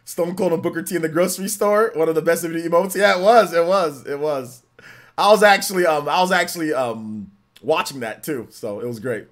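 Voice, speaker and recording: A man with a fairly high voice talks casually to his stream viewers. He rambles, repeats phrases and laughs along as he goes. His sentences often trail off into soft mutters. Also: a little fast. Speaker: livestream host. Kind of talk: casual live stream chat.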